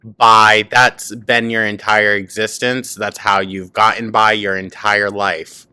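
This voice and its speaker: A man talks over a clip with sharp, sarcastic commentary and teasing asides. His fairly low voice has a bright, forceful edge. The sound is close and dry, with almost no room behind it. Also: flat delivery, smooth, dry recording. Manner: mocking, quick cutting asides. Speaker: commentary host.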